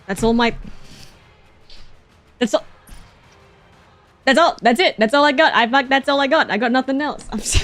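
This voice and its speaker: A woman streaming a game live, swearing in exasperation and quick to laugh. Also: sits high, animated, a bit bright, faint music behind.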